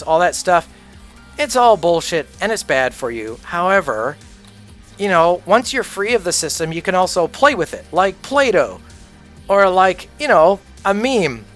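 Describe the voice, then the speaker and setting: A man's voice: fairly high pitch, fairly bright tone. A man livestreaming a game, ranting casually in a blunt, profane, opinionated way. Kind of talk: casual rant while gaming.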